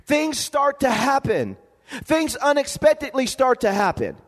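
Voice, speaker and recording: A man with a very high voice preaches a sermon to his congregation. He calls for amens and repeats words as he drives each point home. His voice rings out with a long reverb, as in a church sanctuary. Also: wildly swooping pitch, a little slow. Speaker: pastor.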